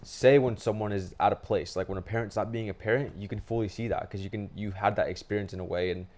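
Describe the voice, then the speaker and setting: A man co-hosting a podcast in casual chat, animated and swearing freely. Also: fairly low pitch, quick pace. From Hispanic family in the United States. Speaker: podcast co-host.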